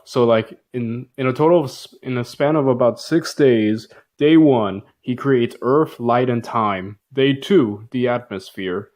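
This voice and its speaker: A man's voice: mid-range voice, a little slow, hardly any pauses, a little mellow. A man narrating a Bible story in a jokey, casual style, full of slang and fillers. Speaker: video narrator.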